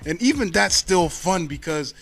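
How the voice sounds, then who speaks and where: A man's voice: sits high, animated, normal speed, fairly bright tone, soft background music. A man co-hosting a casual film review, stammering through restarts and enthusing about the movie. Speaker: podcast co-host.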